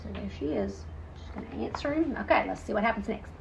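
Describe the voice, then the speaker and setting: Expressive woman reading a picture book. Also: medium pitch, quick pace, creaky, slight background noise, poor audio. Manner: expressive, with chatty asides to young listeners. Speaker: storytelling teacher.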